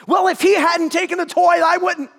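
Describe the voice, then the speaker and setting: A man's voice: extremely high pitch, level tone, moderate pace, vocal fry, voice pushed up, full character voice. A man voicing a defiant little boy who is hotheaded and boastful. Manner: whiny, loud and defiant. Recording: echoey hall.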